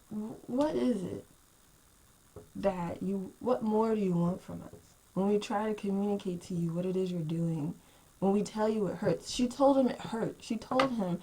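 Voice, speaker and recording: Woman vlogger, casual and exasperated; animated rant, voices others in sudden high bursts, talks straight to a home camera. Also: husky, poor audio. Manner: animated, exasperated, acts out quotes with big pitch jumps.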